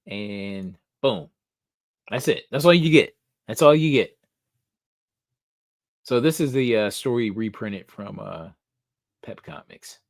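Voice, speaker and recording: A man hosting a casual live stream who talks unhurriedly, his pitch swinging a lot as he thinks aloud. He swears casually and perks up with excitement now and then. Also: slow, long pauses, dry recording, studio quality. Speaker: host of a comic book live show.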